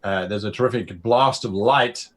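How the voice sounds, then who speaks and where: A man running a tabletop game as game master, describing scenes with pauses and fillers. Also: fairly low pitch.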